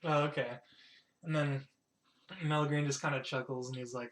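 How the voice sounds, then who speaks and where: A man's voice: mid-range voice, fairly even intonation, normal speed, pauses often, low-quality recording. Laid-back man running a tabletop game. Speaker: game master.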